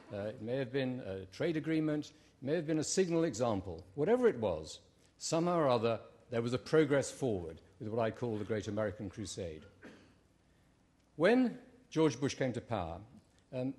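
A man's voice: medium pitch, big pitch swings, a little fast, darkish tone. Wry British man debating on stage. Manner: wry, hesitant with many ums and uhs. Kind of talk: formal debate speech.

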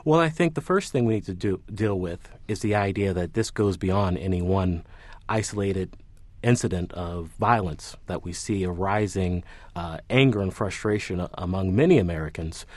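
Deep-voiced professor, measured and analytical. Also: male voice, no room sound. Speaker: professor, panel guest. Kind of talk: academic commentary.

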